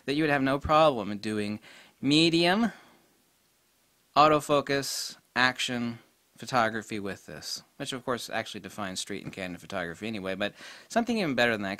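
A middle-aged man giving a casual spoken camera review, blunt and excitable, with mild swearing. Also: medium pitch, dry recording.

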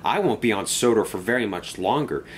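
A man's voice: on the low side, expressive, brisk, a little hiss or hum, lightly acted. A man voicing a proud, rude male express engine who talks in a snooty, cross way. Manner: snooty, cross and self-important.

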